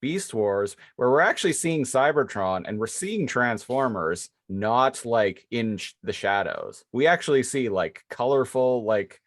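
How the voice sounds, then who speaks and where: A man's voice: medium pitch, very animated, a little slow, hardly any pauses, no room sound, studio quality. A man co-hosting a casual podcast, joking dryly and asking questions. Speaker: podcast co-host.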